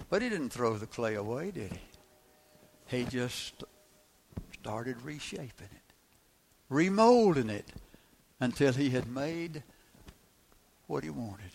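A man's voice: medium pitch, very animated, takes it slowly, gravelly, pauses often, darkish tone. A man preaching a sermon, emphatic, repeating key phrases and asking the congregation rhetorical questions.

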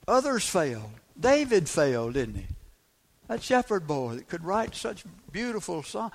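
A male preacher delivering a sermon in a gravelly, fry-edged voice that sits a little high for a man. He leans on his key phrases and says them again and again. He keeps turning to the congregation with rhetorical questions. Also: very animated, a little slow.

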